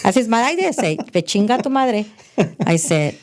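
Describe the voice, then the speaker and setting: A middle-aged woman from California, a podcast guest telling frank, animated stories about her past in casual conversation. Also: fairly high pitch, fairly quick. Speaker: podcast guest, host's mother. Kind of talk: casual storytelling chat.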